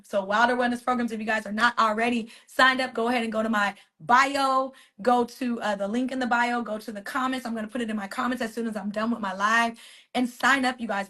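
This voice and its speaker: A woman's voice: a little high, bright, forceful tone. A woman hosting a casual motivational live stream from her phone, talking emphatically, repeating phrases and chatting with viewers. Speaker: author and wellness coach hosting a weekly live stream.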